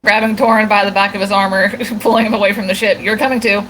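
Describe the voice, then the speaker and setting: Woman player with quick, joking asides. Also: mid-range voice, level tone, a bit bright, a little hiss or hum, rough recording. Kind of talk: playing a tabletop game.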